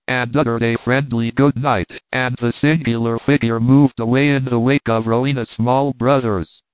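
A man narrates a story in a steady, measured reading voice. The sound is narrow and phone-like, and it is very dry. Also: medium pitch, no echo. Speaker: audiobook narrator. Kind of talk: scripted narration.

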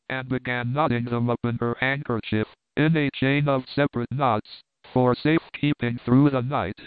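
A man narrating a classic novel aloud as an audiobook, with a measured, even delivery. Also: mid-range voice, clean tone, no room sound. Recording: tinny phone-like, dry.

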